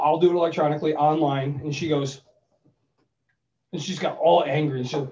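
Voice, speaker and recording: A man's voice: on the high side, a little fast, pauses often, echoey room. A man co-hosting a casual money talk, telling stories and acting out both sides of phone calls. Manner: animated storyteller, acts out phone calls. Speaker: podcast co-host giving money advice. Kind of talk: casual chat. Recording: distant mic, dull lo-fi sound.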